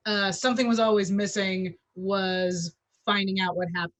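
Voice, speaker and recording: A woman's voice: medium pitch, little pitch movement, moderate pace, a bit bright, dry recording, rough recording. A woman guest on a video-call interview, speaking with enthusiasm in a loose, casual way. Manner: enthusiastic, loose with fillers and restarts. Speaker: game writer and interview guest.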